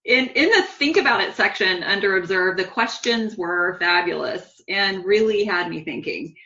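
A woman's voice: medium pitch, expressive, moderate pace, sharp tone, lo-fi sound. A woman hosting an interview, appreciative and reflective. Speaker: host.

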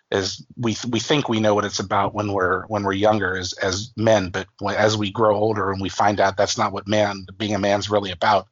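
Man in his forties, lowish voice, rambling interview guest, fillers and restarts, dull dry sound. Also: dry recording. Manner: rambling, many fillers and restarts, acts out quoted family voices. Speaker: author and guest. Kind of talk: casual interview storytelling.

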